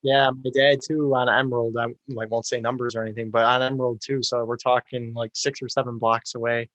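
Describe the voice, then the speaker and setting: A young man chatting as a podcast guest, agreeable and steady in his delivery. His pitch is ordinary but the melody is flat and even, and the sound is dry and close. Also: fairly quick, no room sound. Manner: agreeable, steady, many fillers. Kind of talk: casual chat.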